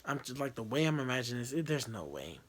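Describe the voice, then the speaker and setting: A man's voice: mid-range voice, sing-song, fast talker, noisy background. A young man telling a personal story to camera, candid and profane, rambling with fillers and restarts. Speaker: vlogger. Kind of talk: casual storytelling.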